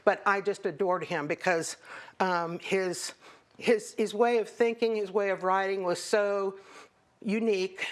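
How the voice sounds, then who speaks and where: A woman's voice: medium pitch, fairly even intonation, measured pace. An older woman, a stand-up comedian, talking as a guest in an interview, often restarting and searching for words. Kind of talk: interview conversation.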